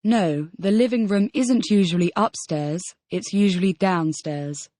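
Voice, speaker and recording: Playing the model student in a scripted audio language lesson, a woman reads out the model answers, restating each question as a full sentence. Her mid-range voice is dark in tone and measured in pace, with no room sound.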